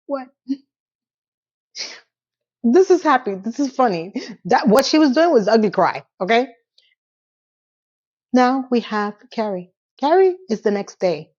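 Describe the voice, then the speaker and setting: A woman giving a casual, chatty recap of a TV episode, with animated delivery and sarcastic asides. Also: fairly high pitch, unhurried, pauses often, highs cut off. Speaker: TV episode reviewer.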